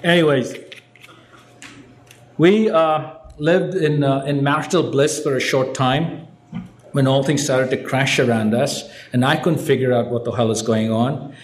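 A man's voice: mid-range voice, steady tone, measured pace. Wry Indian-born man, echoey hall. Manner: wry storytelling with self-mocking jokes. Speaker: recovery meeting speaker. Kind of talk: personal story told from a podium. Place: meeting hall with an audience. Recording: echoey room.

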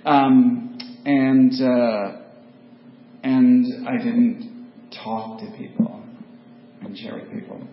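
A man telling his personal recovery story to a group, self-mocking and halting, with many ums and laughs. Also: medium pitch, steady tone. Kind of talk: personal testimony talk. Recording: dull, noisy, echoey room recording.

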